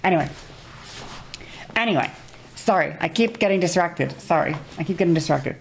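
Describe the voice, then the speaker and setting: Low-voiced woman rambling apologetically. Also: lively intonation, normal speed, creaky, slight background noise. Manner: rambling, apologetic, frequent restarts. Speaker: streamer. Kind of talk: casual livestream chat explaining voice technique.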